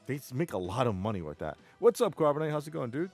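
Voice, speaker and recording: A man's voice: mid-range voice, very animated, fast, a little mellow, husky, faint music behind. A man with a New York accent, chatting casually on a live stream while gaming, rambling and reading chat aloud.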